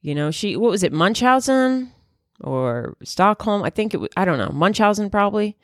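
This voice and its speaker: Woman comic host, low-set voice, dry close sound, crude and rambling, with sudden high outbursts. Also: no echo. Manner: profane, rambling, swings into loud high exclamations. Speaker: comedian podcast host. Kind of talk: casual comedic monologue.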